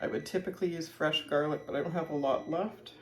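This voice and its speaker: A woman's voice: deep voice, quick pace, roomy sound, slight background noise. A woman casually chatting while she cooks at home, rambling and thinking aloud, a little out of breath. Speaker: home cooking vlogger. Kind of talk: casual kitchen chat. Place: home kitchen.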